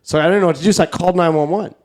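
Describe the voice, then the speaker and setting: A man's voice: high voice, rapid-fire, darkish tone. A man co-hosting a comedy podcast, telling a long story in a loose, rambling way, full of fillers and casual swearing. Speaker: podcast co-host.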